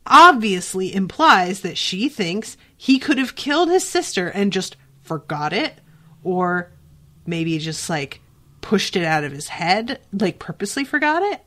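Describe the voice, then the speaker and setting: Give me a woman podcast host recapping a show in loose, animated, profane chat. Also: mid-range voice, a little slow. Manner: animated, swears freely, lots of "like" fillers. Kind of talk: casual episode recap and reaction.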